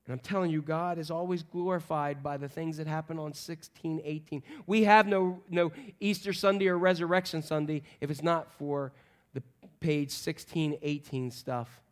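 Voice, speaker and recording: A high-pitched man preaches to a church congregation. He swings between ringing calls and quiet, hushed lines. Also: steady tone, normal speed. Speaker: pastor. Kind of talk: sermon. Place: church sanctuary, also streamed online.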